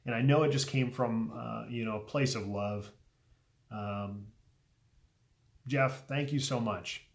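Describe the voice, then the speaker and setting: A man hosting a casual unboxing vlog, speaking earnestly and heartfelt, a little emotional, often trailing off softly with ums between thoughts. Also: mid-range voice, fairly even intonation, slow, gravelly. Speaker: pipe tobacco video host.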